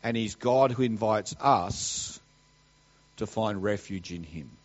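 A male preacher delivering a sermon at an unhurried, deliberate pace. He swings from ringing declarations down to hushed asides. The recording is dull and a little lo-fi. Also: on the low side. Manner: emphatic, swings between loud declarations and quiet asides.

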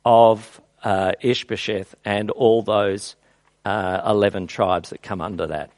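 A man preaching a sermon in a conversational way, with animated storytelling and rhetorical questions. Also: medium pitch, no echo. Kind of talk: expository sermon.

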